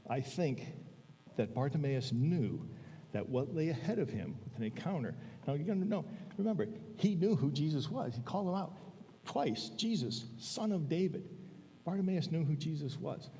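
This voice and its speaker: Mellow-voiced man preaching in a reverberant church. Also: medium pitch, distant mic. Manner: conversational, keeps checking in with "all right?". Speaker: guest preacher. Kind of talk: sermon. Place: church sanctuary. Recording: long church hall reverb.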